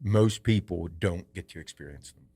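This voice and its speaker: Man, low voice, podcast host, casual chat, swears a lot, rambling. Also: normal speed, warm tone. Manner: profane, rambling storyteller.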